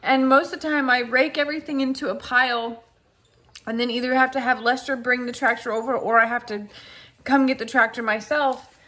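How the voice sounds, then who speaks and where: A woman's voice: on the high side, fairly even intonation, a little fast, fairly bright tone. A young woman chatting casually to her vlog audience about farm life. She gushes with emotion, often laughing and sighing as she talks. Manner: gushing and emotional, frequent laughs and sighs. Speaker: farm vlogger. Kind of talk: casual vlog chat to camera.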